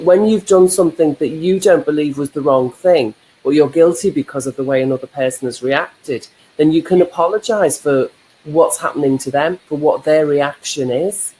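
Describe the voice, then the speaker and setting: A life coach co-hosting a casual live chat reflects aloud and explains ideas through examples. Her voice is low and warm, though the recording quality is poor.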